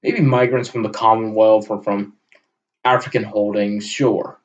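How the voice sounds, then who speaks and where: A man delivering a heated, profane solo rant with sudden loud bursts. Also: lowish voice, fairly even intonation, unhurried. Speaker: channel host. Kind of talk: solo ranting monologue. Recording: dull lo-fi recording.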